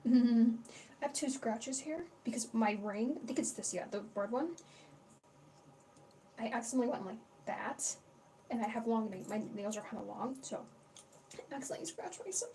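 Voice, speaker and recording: A woman's voice: a little high, measured pace, mellow. A young woman hosting a casual livestream, rambling and chatty, swearing freely and greeting her chat as she talks. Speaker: livestream host. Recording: distant mic with faint background noise.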